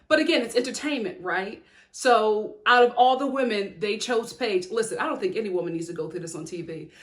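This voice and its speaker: Sassy, heated woman recapping reality TV. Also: on the high side. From Chicago. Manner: sassy, heated, animated, laughs often. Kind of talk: opinionated reality-show recap.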